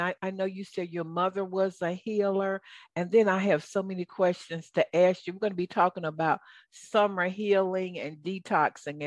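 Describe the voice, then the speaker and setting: A woman's voice: fairly low pitch, dry recording. A woman with a Southern accent hosting a radio interview, chatty and enthusiastic. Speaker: radio show host.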